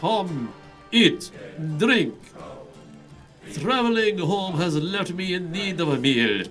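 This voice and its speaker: Man voicing a legendary game hero, formal, solemn, commanding, high-pitched, faint music behind. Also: very animated, slow, fairly bright tone, full character voice. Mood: proclaiming. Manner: solemn, formal speech-giving. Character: returning legendary male hero, grand and commanding.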